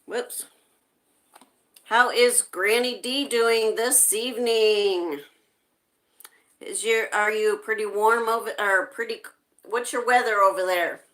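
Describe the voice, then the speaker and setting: A woman's voice: on the high side, steady tone, takes it slowly, pauses often, fairly bright tone. A woman hosting a casual live stream, greeting viewers by name and reading their chat messages aloud.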